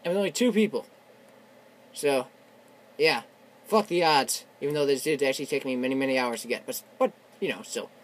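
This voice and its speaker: A young man giving casual, excitable commentary while playing a video game, shouting and swearing, his voice worn from yelling. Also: mid-range voice, a little fast, pauses often. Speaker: gamer. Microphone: tablet on a desk.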